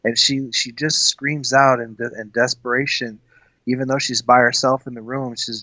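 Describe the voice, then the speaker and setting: A man's voice: mid-range voice, flat delivery, moderate pace, pushed and bright, dry recording, muffled recording. A man co-hosting a casual film discussion, talking earnestly with many fillers and restarts. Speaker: podcast co-host.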